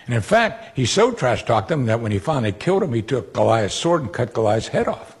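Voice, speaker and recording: A man preaching a sermon, retelling Bible stories with animated quoted voices. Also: medium pitch, moderate pace, breathy edge.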